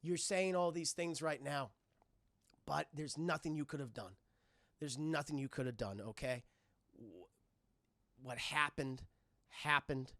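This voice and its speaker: A man voicing a grieving grown man who gently consoles an orphaned boy, speaking softly and haltingly. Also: fairly high pitch, dry recording, pitched below the performer's own voice, exaggerated voice. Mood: consoling.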